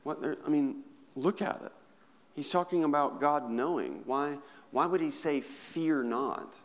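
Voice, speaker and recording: A male pastor preaching a sermon, swinging between loud, emphatic stretches and hushed, quiet ones. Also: on the high side, moderate pace, in a large hall.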